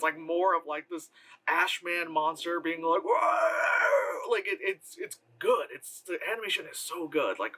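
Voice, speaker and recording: A man giving a casual spoken movie review, rambling and animated, with many fillers and laughs. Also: on the high side, low-quality recording.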